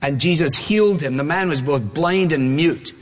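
A man preaching a sermon, emphatic and repetitive, leaning on slow stressed words. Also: a little high. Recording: long reverb of a large hall.

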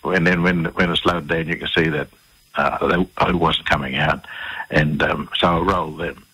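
A deep-voiced Australian man with a husky, forceful delivery. He tells stories as an interview guest, slipping into the voices of the people in them and repeating words as he hunts for the next one. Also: fairly even intonation, normal speed, rough recording. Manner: acts out dialogue, repeats words while searching for them. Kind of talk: conversational storytelling interview.

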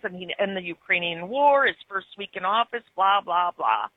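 A woman's voice: medium pitch, no room sound. A talkative woman with an Upper Midwest accent rambles through a call-in chat. Her voice comes over a dry, muffled phone line. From Germany-born, raised in Wisconsin. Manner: chatty, rambling. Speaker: caller.

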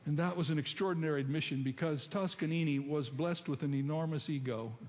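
A man's voice: on the high side, a little fast, a little mellow, slight background noise. A man preaching a sermon and telling stories, often putting questions to his congregation. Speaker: pastor. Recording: long hall reverb, faint ambience.

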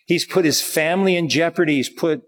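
A man preaching a sermon in an earnest, halting way, slowing down to read scripture aloud. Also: fairly high pitch. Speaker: pastor. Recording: long hall reverb.

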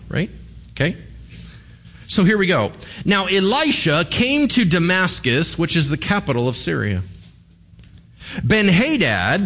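Guy pastor preaching, lively up and down voice, chatty slangy storytelling, kinda high pitched. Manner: casual storytelling with slang, acting out characters. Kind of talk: sermon.

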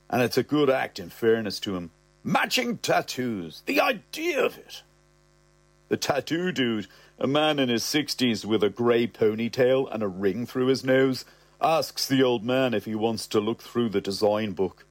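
A man's voice: mid-range voice, expressive, a little slow, no echo. A man narrating a comic story in a chatty, slangy way, doing voices for the characters.

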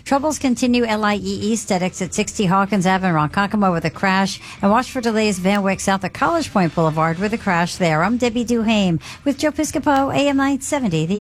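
A woman reading a radio traffic report in a brisk, steady delivery. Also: mid-range voice.

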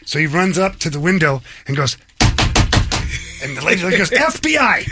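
A man's voice: fairly high pitch, normal speed, over music. A middle-aged man and youth team coach telling jokey stories in casual chat, acting out the people in them. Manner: jokey, animated storyteller acting out other people. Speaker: youth sports head coach.

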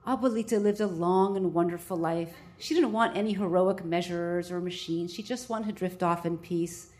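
Calm gentle young grandson and nurse, steady and soft-spoken, as a woman storyteller quotes him. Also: on the low side, normal speed, lightly acted.

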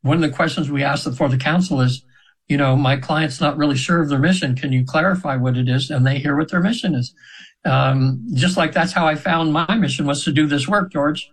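A man's voice: a little high, fairly quick, rough recording. A man in his seventies, a radio show guest, telling a long personal story in a rambling way, with many restarts and fillers. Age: 70s. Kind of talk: casual storytelling interview.

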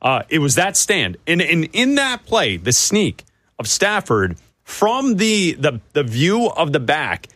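A man's voice: a little high, wildly swooping pitch, slow, fairly bright tone, no echo. A man hosting a sports radio show, breaking down games with playful banter. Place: radio studio. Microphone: studio mic.

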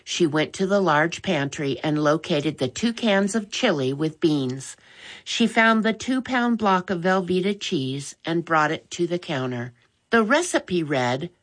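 A woman reading a children's story aloud, slowly and carefully. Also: lowish voice. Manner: slow, careful, expressive reading. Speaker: narrator.

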